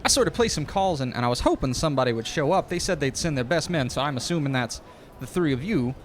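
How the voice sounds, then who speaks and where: A man's voice: a little high, expressive, quick pace, slight background noise, natural voice. A man voicing a sweaty, overeager male event promoter with a bad fake Texas accent, in a tabletop game. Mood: salesy. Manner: loud, overeager, glad-handing. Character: sweaty male event promoter with a combover, pushy salesman type.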